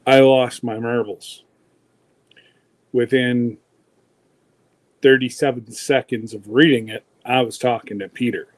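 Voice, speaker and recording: A man's voice: medium pitch, steady tone, measured pace, pauses often. A man hosting a casual livestream, chatty and folksy, greeting viewers one by one. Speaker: livestream host.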